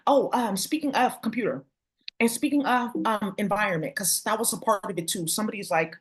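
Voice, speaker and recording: Casting: woman vlogger, mid-pitched voice, rambling, profane, confrontational. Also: brisk. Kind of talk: casual spiritual rant to viewers.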